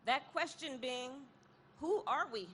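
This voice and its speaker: A woman giving an impassioned protest rally speech outdoors, repeating a refrain and building to shouts. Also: high-pitched, takes it slowly, slight background noise. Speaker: rally speaker.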